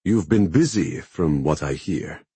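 A man reading the part of a calm, measured male revolutionary leader in an audiobook, with a wry edge. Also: sits low, breathy edge, dry recording, heavily acted.

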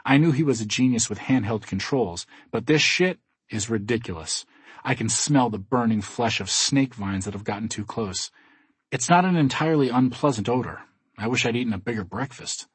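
Husky man reading a first-person audiobook. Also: on the low side, no room sound. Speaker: audiobook narrator.

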